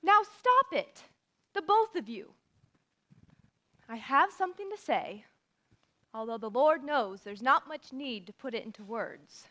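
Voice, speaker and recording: A woman's voice: fairly high pitch, animated, fairly bright tone. Stern spinster, a woman acting her. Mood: scolding. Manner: brisk, commanding. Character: stern, no-nonsense older spinster farm woman. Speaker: stage actor in a youth musical. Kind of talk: live stage musical acting.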